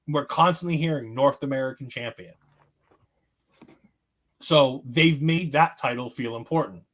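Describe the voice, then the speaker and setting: A man co-hosting a podcast, recapping in animated, casual chat and acting out what others said. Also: mid-range voice, a little slow. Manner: animated storytelling, acts out quotes. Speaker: podcast co-host.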